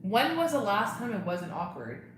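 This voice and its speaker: A woman's voice: medium pitch, very animated, normal speed. Young woman, livestream host, casual chatty talk, roomy echo, faint background hum. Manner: chatty, reads and answers viewer comments. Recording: echoey room, faint ambient noise.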